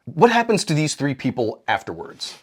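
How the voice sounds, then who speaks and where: Animated, profane man retelling stories. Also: normal speed, husky. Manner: profane, animated, acts out quoted characters with big pitch jumps. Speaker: podcast co-host. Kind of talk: irreverent comedic retelling.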